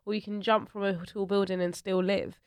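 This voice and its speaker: A young woman telling everyday stories in a casual chat, animated and full of quoted voices. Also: medium pitch, fairly quick, smooth, dry recording, studio quality.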